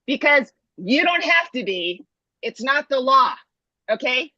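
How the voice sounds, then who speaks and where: A woman's voice: high voice, very animated, a little slow, sharp tone, no echo, lo-fi sound. A middle-aged woman doing a brash, punchy stand-up comedy bit on a video call. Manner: brash, punchy joke delivery.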